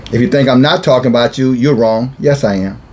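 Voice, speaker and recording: In a mid-range, darkish voice at a slightly fast pace, a man who styles himself a watchman gives a rebuking sermon. He scolds bluntly and repeats phrases for emphasis.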